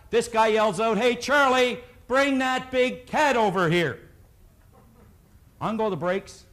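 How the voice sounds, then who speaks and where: A man speaking at a live motivational seminar, telling stories and leading the audience in call-and-response. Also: high-pitched.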